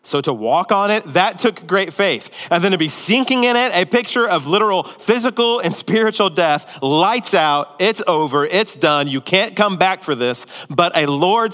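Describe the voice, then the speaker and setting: Male pastor, slightly high voice, dramatic sermon delivery, long hall reverb. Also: expressive, normal speed, hardly any pauses. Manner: dramatic swings from emphatic to hushed; repetitive, rhetorical questions.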